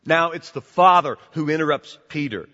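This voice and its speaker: A man preaching a sermon as pastor, animated and emphatic, often repeating words as he builds to his points. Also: a little high, moderate pace. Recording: dull sound with long church reverb.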